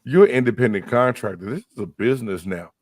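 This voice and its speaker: A former pro football player talks casually and emphatically on a sports podcast, using street slang and breaking into animated outbursts. His voice is mid-range and fast, in a dry recording.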